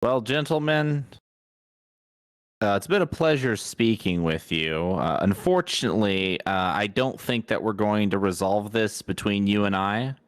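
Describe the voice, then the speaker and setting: A man's voice: lowish voice, unhurried, no room sound, studio quality, natural voice. A man voicing a polite, diplomatic male adventurer who speaks formally in a tabletop game.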